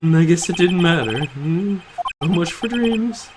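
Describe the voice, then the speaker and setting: A man's voice: on the high side, lively intonation, unhurried, noisy background, pitched above the performer's own voice. A man voicing a timid, nervous grown man in a fan dub of a video game, speaking hesitantly and stammering. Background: loud game music.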